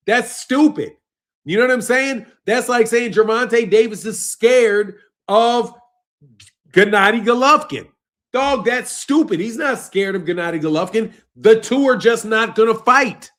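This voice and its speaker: A man's voice: very high voice, a bit bright. Exasperated profane man arguing with chat. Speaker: boxing channel host. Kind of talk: live stream chat reacting to viewers.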